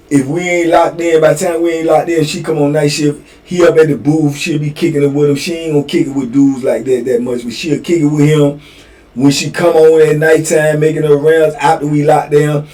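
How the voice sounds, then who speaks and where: A man hosts his show and tells prison stories in slangy, conversational talk. He speaks in a high voice for a man, with casual asides. The mic is set back a little from him. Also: darkish tone, far from the mic. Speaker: host telling prison stories. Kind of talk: storytelling.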